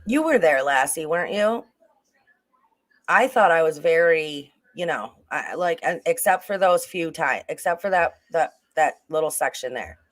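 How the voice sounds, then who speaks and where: This true-crime discussion on a livestream wanders freely, with the host restarting sentences and stopping to reply to chat messages. The voice is mid-pitched, fairly bright and animated, moving at a moderate pace.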